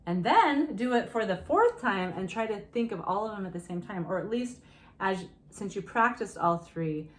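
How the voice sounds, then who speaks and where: This woman speaks at a medium pitch and normal speed, sounding animated as she gives a casual singing lesson. She's encouraging and keeps slipping into short sung hymn phrases to demonstrate.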